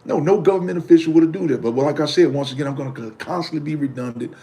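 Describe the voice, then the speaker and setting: The speaker is a male vlogger with a fairly high pitch, a dark tone, and a fast way of talking. Addressing his viewers in an emphatic, casual monologue, he uses loose slang, repeats what he's preaching, and answers commenters.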